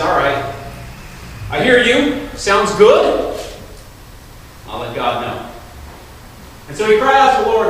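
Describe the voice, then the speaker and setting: A man preaches in a relaxed, chatty way, often slipping into quoted voices to make a point. His voice sits high and swings widely in pitch. He is heard from across a reverberant hall with faint room noise. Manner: animated, conversational preaching with acted-out quotes. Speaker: pastor. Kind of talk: sermon. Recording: echoey hall, voice from far off.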